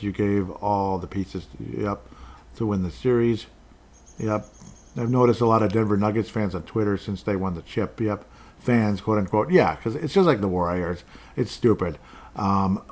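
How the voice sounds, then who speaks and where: A man with a somewhat low voice hosts a casual solo podcast. He rambles from one thought to the next, muttering to himself and chuckling as he reads out listener comments. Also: darkish tone. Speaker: podcast host.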